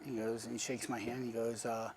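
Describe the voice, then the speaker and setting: A man's voice: mid-range voice, a little fast, slight background noise. A man casually telling a personal story, acting out the voices of the people in it. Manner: animated, acts out quoted dialogue. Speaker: guest.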